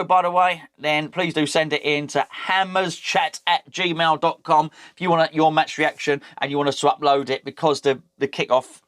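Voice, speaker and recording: Bloke rambling about his club, bright forceful voice, dry close sound. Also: a little high, dry recording. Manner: rambling, jokey, self-correcting. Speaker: fan channel host. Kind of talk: casual football chat.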